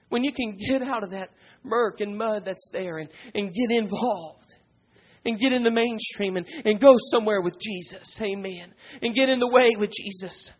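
A man preaching a sermon with fervor, rising to shouts, with frequent "uh" fillers and cries of "praise God". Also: high-pitched. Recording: dull lo-fi recording.

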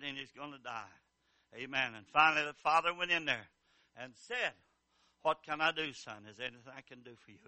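An older man preaching a revival sermon with a fervent, repetitive cadence, dropping to low murmurs and rising to shouted cries. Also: no echo.

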